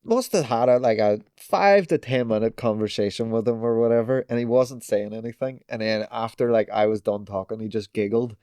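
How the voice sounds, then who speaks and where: A man's voice: mid-range voice, brisk, hardly any pauses, dark tone, clear, resonant tone, no room sound, studio quality. Northern Irish man, rambling casual storyteller. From Northern Ireland. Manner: rambling storytelling full of "like" and swearing, acting out quotes. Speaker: podcast guest, pro skateboarder. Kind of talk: casual chat.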